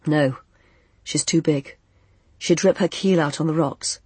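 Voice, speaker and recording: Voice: medium pitch, measured pace, darkish tone, breathy edge, dry recording. A narrator voicing a young man who talks plainly and sounds close to tears. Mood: strained. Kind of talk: audiobook character voice.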